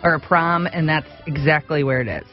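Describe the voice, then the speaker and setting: A woman's voice: low-pitched, a little fast, dull audio, soft background music. A woman on a radio talk show, chatting and plugging a church food festival. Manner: chatty, promotional, laughing. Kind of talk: casual radio chat.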